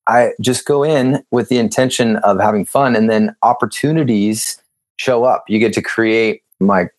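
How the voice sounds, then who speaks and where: A man telling lively stories as a podcast guest, acting out the dialogue and laughing often. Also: fairly low pitch, moderate pace, dry recording. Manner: animated storyteller, acts out dialogue, laughs often. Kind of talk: casual interview chat.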